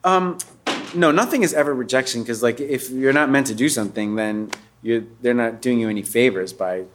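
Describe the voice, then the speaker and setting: A comedian guest on a talk show chats casually, rambling, cutting himself off, and breaking into put-on voices and bursts of laughter. His mid-range voice is brisk and a bit bright, with a little hiss or hum on the recording.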